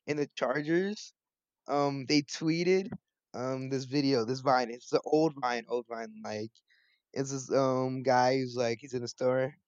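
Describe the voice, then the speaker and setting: A young man co-hosting a casual sports podcast, animated and playful, laughing easily. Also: mid-range voice, measured pace, no room sound, lo-fi sound. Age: young adult. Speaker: podcast co-host.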